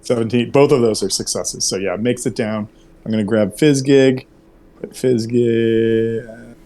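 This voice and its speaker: A man's voice: mid-range voice, normal speed, a little mellow. A man acting as game master for an online tabletop game, talking in an easygoing way with lots of fillers and self-corrections.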